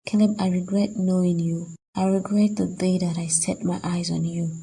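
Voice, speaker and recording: A woman's voice: lowish voice, steady tone, normal speed, warm tone, rough recording. A woman voicing a heartbroken, betrayed young fiancée in a cartoon, talking in a distressed, accusing way. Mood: angry. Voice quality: husky, gravelly. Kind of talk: cartoon voice acting.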